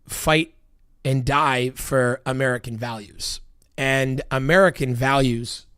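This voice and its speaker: A man's voice: medium pitch, no room sound, studio quality. A man delivering a heated, profanity-laced political rant, emphatic and repetitive. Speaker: political commentator.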